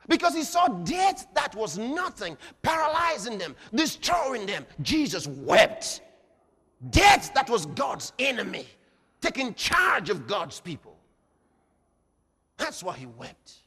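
A man delivers a fiery sermon in a high, lively voice that leaps from shouts to near-hushed asides. His tone is bright and forceful. The sound carries the long reverb of a large church hall. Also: slow, husky. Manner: dramatic, shifts between shouting and low intensity. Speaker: preacher.

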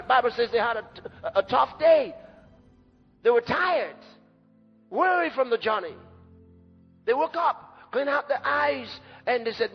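A man preaching a sermon to brothers and sisters, emphatic, swinging from shouts to low, quiet drops. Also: lively intonation, moderate pace, slightly rough. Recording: muffled, long hall reverb, faint music.

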